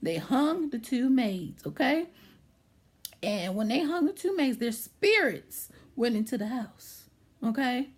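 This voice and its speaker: A woman's voice: fairly high pitch, very animated, slow pace, breathy edge. A woman vlogger animatedly retelling a movie plot, checking in with her listener as she goes.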